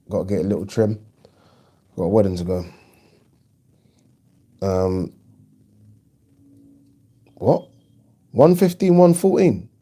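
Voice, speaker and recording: A man hosting a casual live stream, chatting and reading viewer comments aloud in an animated way. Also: low-pitched. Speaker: boxing channel host.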